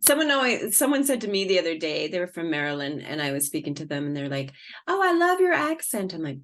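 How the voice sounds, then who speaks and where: A woman hosts a casual podcast, her voice sitting a little low but often leaping up with enthusiasm. She is encouraging and chatty, laughing easily with her guest. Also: fast. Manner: bubbly and encouraging, with pitch jumps and laughs. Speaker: podcast host. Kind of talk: casual interview conversation.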